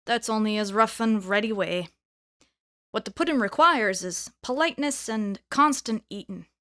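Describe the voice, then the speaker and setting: A blunt, good-natured man talks in a plain, matter-of-fact way, read by a woman. His voice sits at an everyday pitch, friendly and direct, from a storybook reading. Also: normal speed, a bit bright, close to an everyday voice. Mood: hearty.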